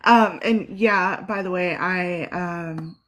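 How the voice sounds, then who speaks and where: A Southern woman co-hosts an online town hall from a video call. She fires off quick questions in an upbeat, chatty tone and laughs easily between them. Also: fairly low pitch, fairly bright tone. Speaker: co-host asking questions. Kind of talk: rapid-fire interview questions.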